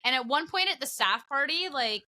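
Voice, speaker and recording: A young woman co-hosting a podcast, telling a long story in lively, casual chat, laughing often as she goes. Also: high voice, fairly quick. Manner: animated storytelling with frequent laughter. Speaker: podcast co-host and broadcast commentator.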